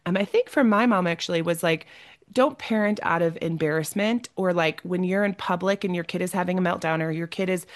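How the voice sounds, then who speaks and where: A woman's voice: lowish voice, fairly quick. A woman hosting a casual podcast conversation, a mother sharing personal parenting stories in a chatty manner. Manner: chatty, personal, laughs easily.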